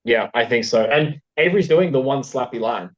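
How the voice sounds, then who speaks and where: An Australian man chatting casually as a guest about his fan film, animated and laughing often. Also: medium pitch, brisk, muffled recording. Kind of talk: casual chat.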